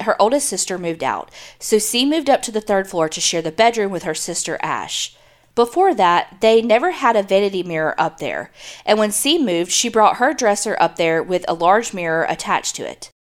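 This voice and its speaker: A woman co-hosts a podcast in a plain, mid-pitched voice. She reads listeners' stories aloud and chats bluntly, with a casual swear now and then. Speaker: podcast co-host.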